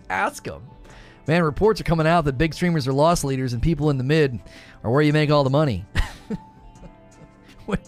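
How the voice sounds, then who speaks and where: Guy streamer rambling about games, kinda high voice, quiet music behind. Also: moderate pace, long pauses. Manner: rambling, joking, repeats himself. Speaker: gaming streamer host. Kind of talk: casual live-stream commentary.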